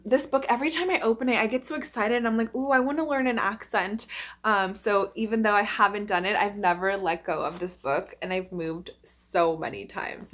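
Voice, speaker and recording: A young woman talks casually to her viewers as an actor and vlogger. Her voice sits at an ordinary middle pitch, chatty and eager, full of little fillers. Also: fairly bright tone. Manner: chatty and enthusiastic, many fillers. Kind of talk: casual chat to camera.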